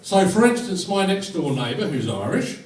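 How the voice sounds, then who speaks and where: A man serving as fines master at a club dinner, telling jokes in a dry, deadpan way to a live audience. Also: high-pitched, moderate pace, recorded from a distance, a little hiss or hum. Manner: dry, deadpan joke delivery. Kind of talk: joke-telling fines session. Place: function room with audience. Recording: roomy hall recorded from afar with crowd.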